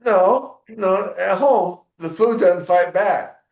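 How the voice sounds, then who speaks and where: A man voicing a deadpan older man who trades dry quips. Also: high voice, slow, roomy sound, pitched above the performer's own voice. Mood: wry.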